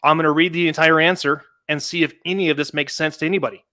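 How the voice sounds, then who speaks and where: A man hosting a casual podcast talk about a legal case, animated and laughing often, with many restarts. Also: fairly high pitch, fast, few pauses, no room sound, studio quality. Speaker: podcast host.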